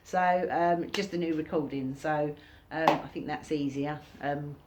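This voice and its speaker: Chatty woman teaching, low-pitched voice. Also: fairly even intonation, unhurried, heavy background noise. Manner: chatty, acts out reactions in sudden high bursts. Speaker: workshop teacher. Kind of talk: informal recorded lesson.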